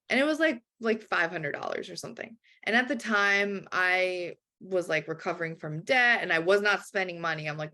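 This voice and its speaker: A woman life coach telling a personal story in an animated way, acting out quoted voices and often saying "like". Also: medium pitch, moderate pace. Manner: acts out quoted voices, frequent "like".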